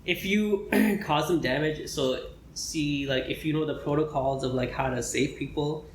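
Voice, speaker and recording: A man's voice: fairly high pitch, unhurried. Rambling young man in an echoey room. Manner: chatty, rambling, frequent throat clearing and fillers. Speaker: medical student podcast co-host. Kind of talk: casual chat. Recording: echoey room with faint noise.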